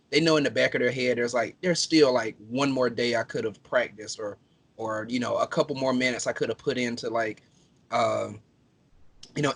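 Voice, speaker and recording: A man speaks earnestly in a casual podcast chat. He halts often and leans on fillers as he searches for words. His pitch sits in a mid range for a man. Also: a bit bright. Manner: halting, full of fillers, earnest. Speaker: podcast co-host.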